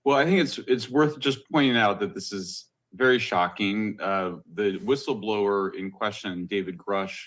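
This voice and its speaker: A man commenting in a news clip, explaining in a measured way with some fillers. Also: lowish voice, a bit bright.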